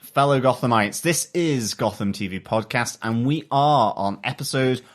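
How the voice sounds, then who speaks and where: A man co-hosting a TV review podcast in casual chat, enthusiastic and halting, with frequent fillers. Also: mid-range voice. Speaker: podcast co-host.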